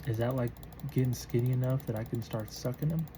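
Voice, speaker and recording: A woman's voice: extremely low pitch, fairly quick, noisy background. A sleepy woman in her twenties rambling through a casual late-night monologue, full of musing half-thoughts and restarts. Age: 20s.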